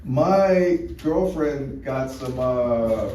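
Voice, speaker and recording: Speaking extremely slowly yet animated, with a warm mid-range voice, an American comedian stumbles through a crude, rambling set full of restarts and fillers. The distant room mic adds echo and faint background noise.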